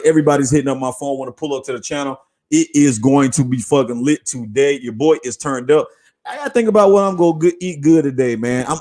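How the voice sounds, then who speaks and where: Male podcast host, slightly high voice, casual and profane, easily hyped into shouting. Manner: excitable, profane, slangy, breaks into shouting. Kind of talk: casual hyped sports talk.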